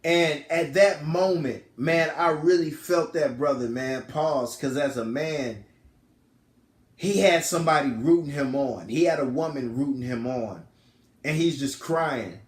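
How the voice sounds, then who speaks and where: Male film reviewer, lively slangy storyteller, a bit high-pitched, echoey room. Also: unhurried. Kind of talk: casual film recap. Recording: roomy echo.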